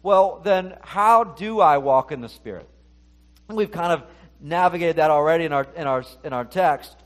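A man's voice: fairly high pitch, moderate pace. A middle-aged male pastor giving a conversational sermon, talking to the congregation and acting out the inner voices he quotes.

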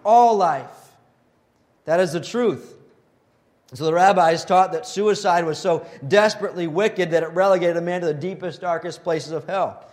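Earnest preacher man, higher voice. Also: moderate pace. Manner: earnest preaching, rising to animated mock voices when quoting scoffers. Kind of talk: sermon.

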